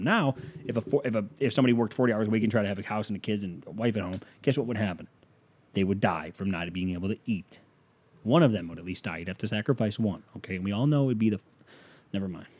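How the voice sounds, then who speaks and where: A man from the United States hosting a podcast, ranting in a casual comic way, swearing and firing off rhetorical questions, swinging between loud outbursts and low mutters. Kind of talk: casual comedic rant.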